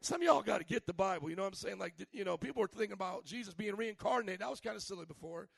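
A man in his thirties preaching a sermon in an animated, humorous way, at times raising his voice to a shout. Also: high-pitched, rapid-fire, creaky, husky, dry recording. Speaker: pastor.

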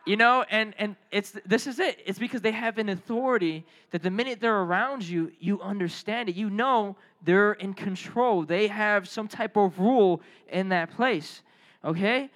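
A man preaching a sermon as a youth pastor, telling lively stories and calling on the crowd to respond. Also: sits high, normal speed.

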